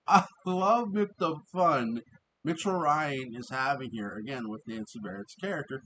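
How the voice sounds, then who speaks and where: A man's voice: medium pitch, a little slow, a bit bright, a little hiss or hum, rough recording. Rambling man reviewing an old TV episode. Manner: rambling, many restarts and fillers, laughs often. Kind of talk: casual review monologue.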